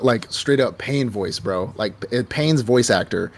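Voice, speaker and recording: A man's voice: fairly low pitch, moderate pace, few pauses. A young man hosting a casual anime podcast, retelling a show in a rambling, profane way full of fillers. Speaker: podcast host.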